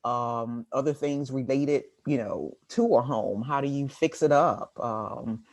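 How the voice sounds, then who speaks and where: Middle-aged woman from Washington, D.C., unhurried delivery, chuckles often, dry close sound. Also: a bass voice, darkish tone, no room sound. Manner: laughs often, halting with fillers. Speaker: guest writer and real estate agent. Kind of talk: casual interview conversation.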